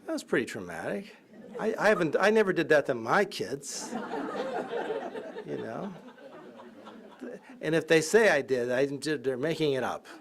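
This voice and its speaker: A professor giving a public lecture, telling anecdotes and acting out the voices in them. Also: male voice, a little high, moderate pace, gravelly, long pauses, a crowd in the background. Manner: lively anecdotal storytelling, acting out quotes. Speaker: professor and biographer.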